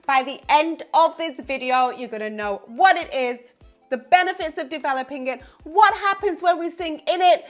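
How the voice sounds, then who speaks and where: A woman's voice: high-pitched, a bit bright. A woman vocal coach giving an upbeat singing lesson to camera, explaining with the odd "you know" and "um".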